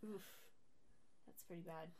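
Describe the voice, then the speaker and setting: A woman's voice: lowish voice, fairly even intonation, unhurried, warm tone. A woman co-hosting a casual podcast chat, laughing often as she shares facts. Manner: giggly, laughs often while reading out facts. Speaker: podcast co-host.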